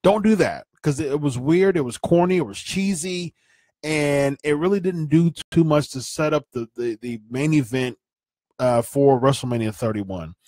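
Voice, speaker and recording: A man's voice: fairly high pitch, normal speed, mellow, dry recording. Opinionated man with a dry, close sound. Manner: opinionated, repeats and restarts phrases. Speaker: wrestling podcast host. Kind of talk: casual opinion commentary.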